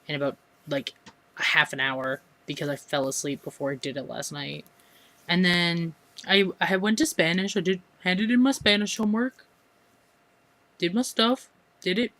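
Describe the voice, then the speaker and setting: A woman's voice: sits low, fairly bright tone, dry recording. A teenage girl with an American accent, rambling chattily through a casual vlog with plenty of fillers and restarts. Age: teens. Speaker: vlogger.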